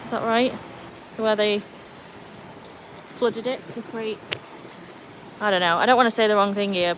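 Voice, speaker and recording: A woman from Wales chatting casually with livestream viewers outdoors by a pool, breaking off to scold and cheer her dogs in a high sing-song voice. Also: fairly bright tone, slight background noise. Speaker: livestream host.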